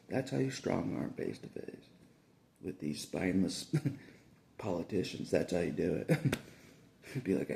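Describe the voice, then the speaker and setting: Gravelly low-voiced man, chuckling constantly. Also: expressive, unhurried, long pauses, warm tone, slight background noise. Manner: chuckles through nearly every sentence; repeats phrases, restarts often. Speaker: vlogger. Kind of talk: casual rambling monologue.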